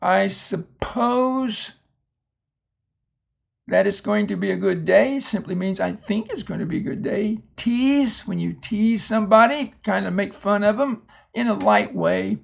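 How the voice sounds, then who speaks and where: A man teaching a phonics lesson, saying each example word slowly and deliberately before using it in a sentence. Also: sits high, sing-song, creaky. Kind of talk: reading lesson.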